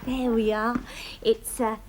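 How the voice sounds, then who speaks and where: Flustered young mum, high bouncy voice, noisy TV audio. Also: female voice. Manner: flustered, hesitant. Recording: noisy TV soundtrack.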